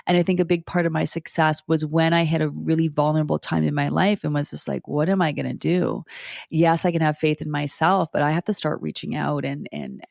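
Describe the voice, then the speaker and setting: A woman's voice: low-pitched, vocal fry, no echo, clean studio sound. Candid, profane woman in her forties. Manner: blunt and profane, animated, restarts often. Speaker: podcast guest. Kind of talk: candid conversational storytelling.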